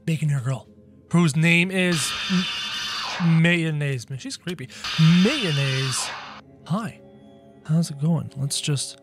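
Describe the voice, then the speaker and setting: A man giving excitable gameplay commentary with role-play, often breaking into shouts. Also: mid-range voice, slow, over music. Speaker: gamer playing as a character.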